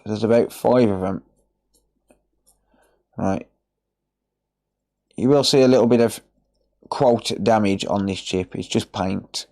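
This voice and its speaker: A man's voice: on the low side, steady tone, slow, pauses often, mellow. An English man, an electronics repair technician, chatting casually to viewers while working on a livestream, rambling and answering them by name.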